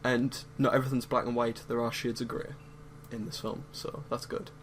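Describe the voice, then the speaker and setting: An English man talks through a film he reviewed, candid and relaxed in a casual podcast chat. A faint hum sits under his voice. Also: mid-range voice, normal speed, low-quality recording. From England.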